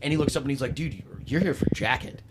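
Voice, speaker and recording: A man, a podcast guest, telling a story in casual chat, animated and full of cursing and acted-out quotes. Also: medium pitch, quick pace, crowd noise.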